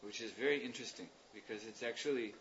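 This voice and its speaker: A man's voice: medium pitch, fast talker, a bit bright, slight background noise. Man teaching in a meandering, thoughtful way. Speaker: spiritual teacher leading a class. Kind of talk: explanatory religious discourse. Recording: dull lo-fi recording.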